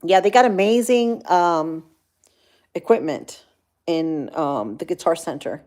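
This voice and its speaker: A woman with a fairly low, slightly mellow, sing-song voice speaks at a measured pace on her livestream. Chilled from the cold, she chats casually, reading viewers' comments aloud and responding.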